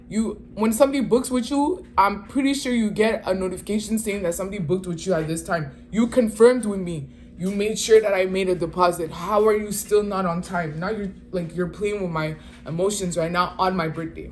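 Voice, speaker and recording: A woman in her twenties telling a casual storytime, animated and slangy, retelling with exasperation. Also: on the low side, a little hiss or hum. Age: 20s. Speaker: vlogger.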